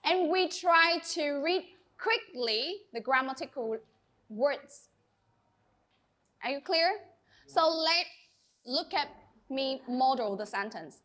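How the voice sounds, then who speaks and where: A woman with a Vietnamese accent teaches a classroom English lesson. Her voice sits high and sounds bright. She speaks slowly and deliberately, spelling out each instruction for her students. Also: expressive.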